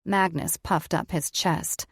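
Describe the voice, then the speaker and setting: A woman reads fantasy fiction aloud in a measured, even way. Her voice is on the low side. The sound is dry and close. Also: breathy edge, dry recording. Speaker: audiobook narrator. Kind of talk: scripted fiction narration.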